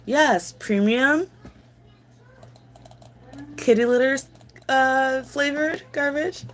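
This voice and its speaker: A woman's voice: high-pitched, drawn-out words, voice pushed up. A woman voicing a polite, greedy dog who craves garbage, in an eager sing-song.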